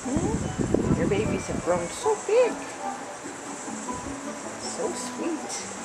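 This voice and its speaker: A woman talking baby talk to her dog and newborn puppies in a soft, cooing, sing-song way. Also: medium pitch, huge pitch swings, very slow, loud music behind the voice, rough recording. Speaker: dog breeder filming her litter.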